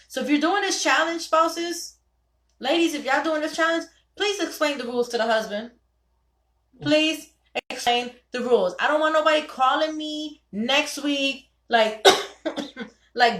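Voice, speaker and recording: A young woman hosting a ladies' night call, giving animated, preachy advice and quoting her husband in voices. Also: high voice, a little slow, roomy sound. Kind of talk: casual talk to listeners.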